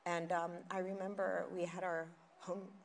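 A woman giving a candid, animated personal testimony at a recovery meeting, acting out the voices in her story. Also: fairly low pitch, moderate pace, gravelly. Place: meeting hall with audience. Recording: faint noise, long hall reverb.

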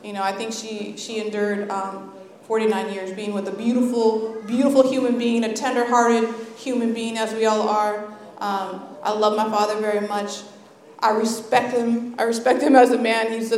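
A woman's voice: medium pitch, little pitch movement, moderate pace, darkish tone. An American woman from Napa, California, speaking to an audience at a recovery meeting, nervous, candid and heartfelt, into a stand microphone. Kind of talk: personal testimony to an audience. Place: meeting hall, indoors. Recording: echoey hall reverb.

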